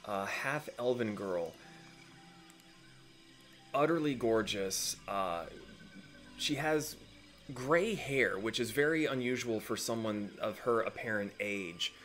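A man's voice: lowish voice, slow pace, pauses often, fairly bright tone, soft background music. A man narrating as game master in a tabletop game, rambling with many fillers.

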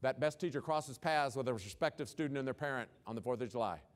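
A man giving a humorous, animated conference keynote and asking the audience questions. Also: medium pitch, fast talker. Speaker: keynote speaker.

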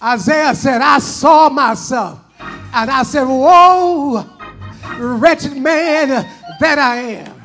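A male pastor at a live church service, his voice sitting very high as he chants each phrase. He moves slowly, stretching words and pausing with "uh" between lines. Faint organ music runs under him. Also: fairly bright tone. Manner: chanting, halting cadence with drawn-out phrases and "uh" breaks. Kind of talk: whooping Black church sermon climax.

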